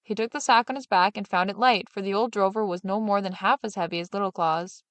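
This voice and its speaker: Woman storyteller, fairy tale read-aloud, dry close sound, steady. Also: medium pitch, fast talker, dry recording. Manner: steady, expressive narration.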